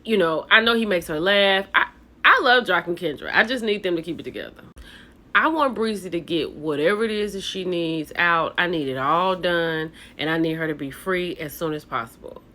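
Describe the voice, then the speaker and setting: A woman's voice: on the low side, normal speed, pushed and bright. A woman hosting a casual reality TV recap, chatty and opinionated, talking straight to her viewers.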